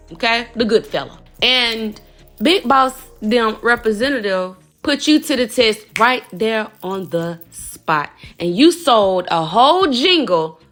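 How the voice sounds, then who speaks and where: Bright-voiced woman giving a spiritual reading. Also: fairly high pitch. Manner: animated and emphatic, calls the listener baby. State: morning voice. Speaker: spiritual reader podcaster. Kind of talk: casual intuitive reading to a listener.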